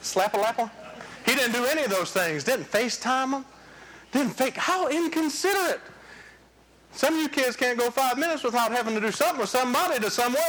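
A man preaching a sermon in an animated, joking storytelling manner. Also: very high voice, moderate pace, slight background noise.

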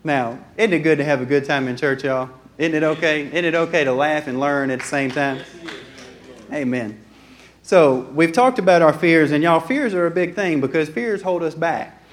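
A man's voice: fairly high pitch, normal speed. A man, preaching a folksy, joking sermon in church and acting out everyday dialogue. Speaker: pastor. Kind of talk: conversational sermon. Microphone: handheld or stand mic.

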